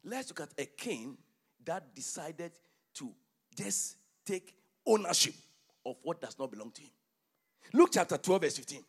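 A man preaching a sermon and reading scripture, emphatic, quizzing the congregation, swinging from shouts to hushed near-whispers. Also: on the high side, big pitch swings, moderate pace, slightly rough. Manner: emphatic, call-and-response questions to congregation.

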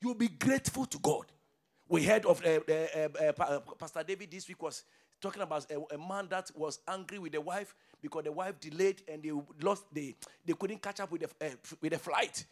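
A man preaches a sermon as pastor in a brisk, fervent call-and-response style. His delivery swings between shouted declarations and low murmurs.

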